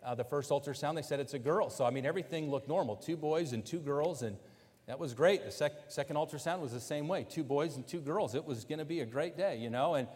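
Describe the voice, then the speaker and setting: A man with a slightly raised voice tells a personal family story, animated and full of quoted exchanges. His voice rings through a large hall with a long, trailing reverb. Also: a little high, fast talker. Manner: animated, quotes others in lively asides. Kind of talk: personal story told to an audience.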